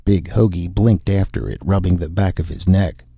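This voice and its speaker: A man narrating an audiobook in a steady, measured way. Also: low voice, creaky, husky, no echo. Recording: dull, dry recording.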